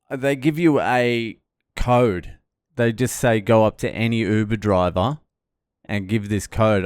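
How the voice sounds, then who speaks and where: A man's voice: on the low side, clear, resonant tone, no room sound. A middle-aged man swearing freely as he recounts a stressful arrival in a casual travel vlog. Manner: swearing, animated storytelling. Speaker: vlogger.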